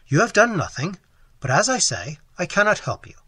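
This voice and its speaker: Flustered gentleman, read by a hoarse man, clipped and sharp. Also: a little high, sing-song, moderate pace, no room sound, pitched above the performer's own voice, exaggerated voice. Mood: cold. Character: impatient, flustered Victorian gentleman.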